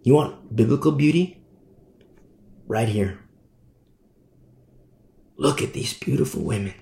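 Fiery preacher guy, gravelly, kinda high voice, echoey room. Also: animated, takes it slowly, mellow. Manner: fiery, scornful, emphatic. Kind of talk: sermon.

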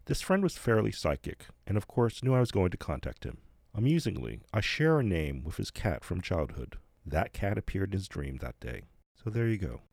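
A middle-aged man from New Jersey hosting a podcast, telling a story in measured, plain-spoken scripted narration. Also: low voice, very animated, creaky, darkish tone, slightly rough, dry recording. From United States, New Jersey. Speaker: podcast host.

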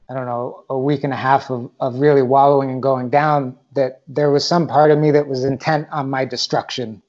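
A man's voice: mid-range voice, a little mellow. Man, personal monologue, reflective, candid, casual swearing, muffled lo-fi sound.

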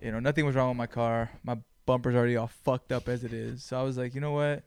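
A man hosting his own podcast, telling stories in a blunt, animated way with plenty of swearing. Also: medium pitch, quick pace, creaky, clear, resonant tone. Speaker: podcast host. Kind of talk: casual chat.

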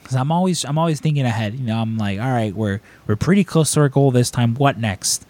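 Guy rambling through con stories on a podcast, mid pitch, does goofy high voices for other people. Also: fairly quick. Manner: rambling, animated, acts out quotes in raised voices. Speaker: podcast host. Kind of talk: casual storytelling chat.

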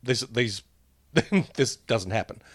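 Man, podcast co-host, casual chat, lively pitch, jokey, dry close sound. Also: takes it slowly, dry recording. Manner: animated, jokey, acts out quotes.

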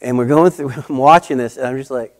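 Emphatic middle-aged male pastor preaching. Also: medium pitch. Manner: emphatic, repeating key phrases, slowing for stress. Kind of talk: sermon.

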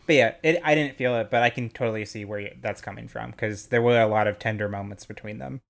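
A man co-hosting a casual movie podcast, talking in a relaxed, rambling way full of fillers. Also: fairly low pitch, fast, vocal fry. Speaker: podcast co-host.

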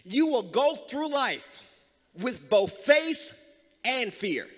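A man a sermon as pastor, moving from talk into sung and shouted hymn lines. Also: very high-pitched, very animated, slow pace. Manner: preaching that builds into singing and shouting hymns. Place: church sanctuary. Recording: reverberant church with music.

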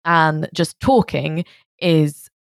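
Woman, podcast co-host, low voice, hesitant, hedging, casual chat. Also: very slow, clean tone, dry recording, clean studio sound. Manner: hesitant, many restarts and hedges.

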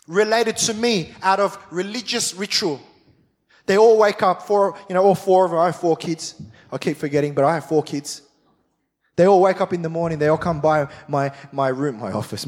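A middle-aged man preaching a sermon as pastor, fired-up and emphatic with repeated phrases. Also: high voice. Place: large church hall. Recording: long church hall reverb.

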